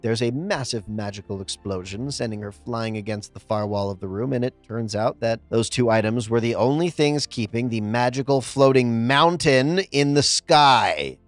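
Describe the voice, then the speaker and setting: A man reading out reader-submitted tabletop game stories in a scripted narration, expressive, with pauses for comic timing. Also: mid-range voice, faint music behind. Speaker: story narrator.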